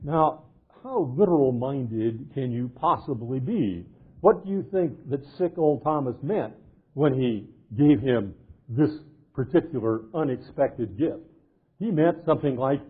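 An older man, a literature professor, giving an animated lecture and cheerfully acting out the characters of a medieval tale, reading old verse aloud. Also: medium pitch, a little slow, husky. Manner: jovial, acts out quoted characters, reads old verse aloud. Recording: tinny phone-like lecture recording.

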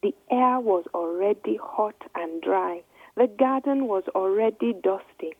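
A woman reading a children's story aloud in gentle, measured narration. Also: mid-range voice, husky, dry recording. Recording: dry, tinny phone-like line.

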